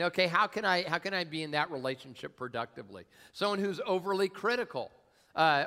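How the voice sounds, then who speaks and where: A male pastor preaching in a relaxed, conversational way, with humor and plenty of fillers. His voice is bright and a little high. It rings with the long reverb of a large hall. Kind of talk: sermon.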